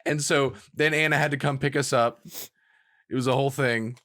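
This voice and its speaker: A man co-hosting a gaming podcast, telling a story in casual chat, animated and laughing as he quotes others. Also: mid-range voice, normal speed. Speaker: podcast co-host.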